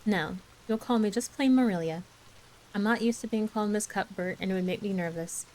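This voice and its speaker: A woman voicing a strict older spinster who speaks curtly and disapprovingly, in a soft ASMR bedtime story reading. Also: medium pitch, a little fast, close to an everyday voice, rough recording. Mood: stern. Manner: curt, disapproving, clipped.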